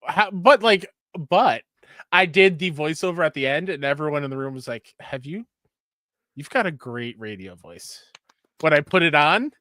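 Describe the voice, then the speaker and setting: A man's voice: fairly high pitch, normal speed, bright, forceful tone, no room sound, clean studio sound. A young adult man co-hosting a gaming podcast, joking and reading out news in casual chat. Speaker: podcast co-host.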